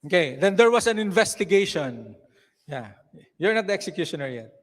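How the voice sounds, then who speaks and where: A man's voice: sits high, very animated, fairly quick. A man narrating a live church skit and coaching volunteers on stage, with a frequent "okay". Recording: echoey hall reverb.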